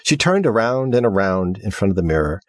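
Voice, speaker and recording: A man narrating a story as an audiobook reader, with measured, expressive delivery. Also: fairly low pitch, dry recording, studio quality. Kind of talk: scripted narration.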